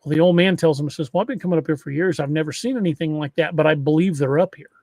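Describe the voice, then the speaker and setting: A man's voice: fairly high pitch, fast, a little mellow, no room sound, studio quality. A man hosting a podcast, retelling an eerie encounter story in a casual way, often restarting phrases. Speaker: podcast host.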